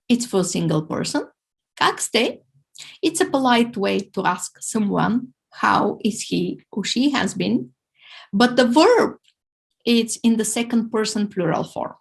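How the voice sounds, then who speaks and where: Husky-voiced woman teaching slowly. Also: fairly high pitch. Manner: slow, careful sounding out of words for learners to repeat. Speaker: language teacher. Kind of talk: language lesson.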